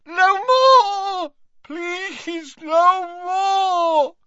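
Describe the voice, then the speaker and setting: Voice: very high-pitched, very slow, sharp tone, no echo, lo-fi sound, voice pushed up, full character voice. A reader voicing an old male wizard in agony, wailing, sobbing and begging in an audiobook. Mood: screaming. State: crying out in torment. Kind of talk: audiobook character voice.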